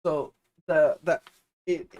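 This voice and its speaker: A man's voice: a little high, steady tone, slow pace, a little mellow, no echo. A young man co-hosting a podcast, telling a long story in a rambling casual way and acting out his friends' lines. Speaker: podcast co-host.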